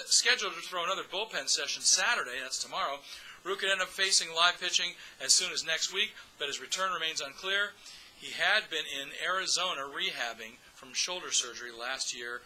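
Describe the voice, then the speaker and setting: A man's voice: on the high side, pushed and bright, slight background noise, low-quality recording. A man hosting a casual fan podcast, chatty and upbeat, speaking straight to his audience. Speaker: podcast host.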